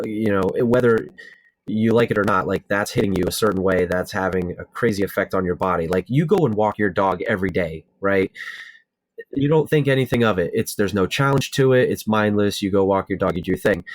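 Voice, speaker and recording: A man's voice: lowish voice, no echo. A man co-hosting a casual podcast, asking questions and arguing his point. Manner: probing, asks questions and argues his point. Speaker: podcast co-host.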